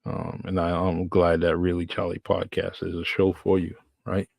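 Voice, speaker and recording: Low gravelly New England podcast host. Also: male voice, completely flat delivery, moderate pace, a little mellow, no room sound. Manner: rambling, chatty, repeats himself. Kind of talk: casual solo podcast talk.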